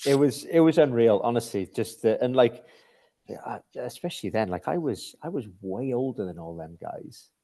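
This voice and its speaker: Guesting on a podcast, a middle-aged British man who once captained an ice hockey team tells rambling hockey stories, restarting often and laughing at himself. His mid-range voice is mellow and expressive, and his pace is normal for this casual storytelling chat.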